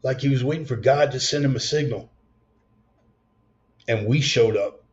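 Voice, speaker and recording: A man's voice: mid-range voice, moderate pace. A man preaching a raw, profane storytelling sermon, blunt and intense. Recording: slightly dull lo-fi sound.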